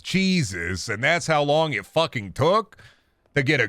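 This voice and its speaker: A young man streaming a game at home, rambling and swearing as he talks to himself. His voice sits in a middle pitch, swings around a lot, and is recorded close on a desk mic in a dry room. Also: big pitch swings, measured pace, fairly bright tone, dry recording. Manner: profane, rambling, self-talking. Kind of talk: casual gaming stream commentary. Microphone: close desk microphone.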